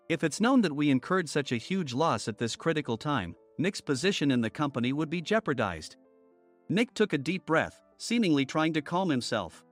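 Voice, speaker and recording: Lively-voiced male story narrator. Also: on the high side. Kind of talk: first-person story narration. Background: faint music.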